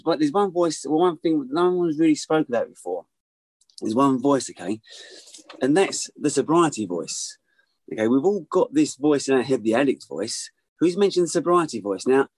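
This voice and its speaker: A man's voice: medium pitch, darkish tone, no room sound. A man on a podcast talking earnestly about staying sober, often repeating himself as he explains. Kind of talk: casual group chat.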